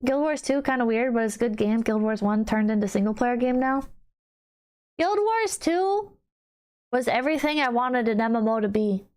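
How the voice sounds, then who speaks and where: A woman with a voice a little higher than most, talking casually on a livestream. She answers chat in a blunt, wry way and swears freely. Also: steady tone, fast, hardly any pauses, darkish tone, clean tone. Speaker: streamer reading chat.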